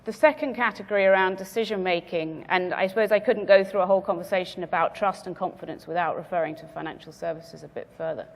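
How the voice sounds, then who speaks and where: A woman speaker giving a measured business presentation to a conference audience, stressing her key words. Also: fairly low pitch, big-room sound. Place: conference venue.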